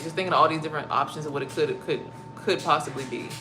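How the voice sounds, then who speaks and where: A young woman telling a story to her viewers in a casual, profane and animated way, acting out her own startled reactions. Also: sits low, fast talker, few pauses, slight background noise. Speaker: spiritual vlogger.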